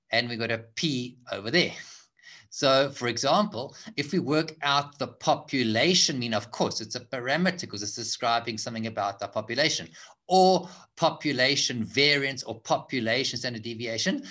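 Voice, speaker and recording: A man's voice: medium pitch, pushed and bright. A man tutoring finance in a recorded lecture, explaining slides step by step and often restarting phrases. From South Africa.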